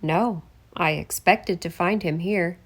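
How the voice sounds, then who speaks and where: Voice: a woman doing a polished middle-aged congressman, charming on the surface and quick to bristle. Pitch: pushed down into a lower register. Pace: slow and deliberate. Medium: audiobook. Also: breathy edge, full character voice. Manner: charming, then defensive. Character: middle-aged male congressman, smooth but quick-tempered. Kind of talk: audiobook character voice.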